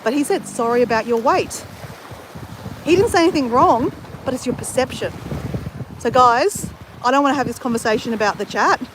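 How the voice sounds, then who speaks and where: A woman vlogs in a casual, candid chat. Her voice sits a touch high, and she swears freely without softening anything. A faint engine hum runs underneath. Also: a little fast. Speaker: travel vlogger.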